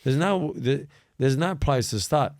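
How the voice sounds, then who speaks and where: A man's voice: medium pitch, a little slow, no echo, studio quality. A man, host of a casual podcast chat, telling stories with lots of swearing and acted-out dialogue. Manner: animated storytelling, heavy swearing, acts out quoted dialogue.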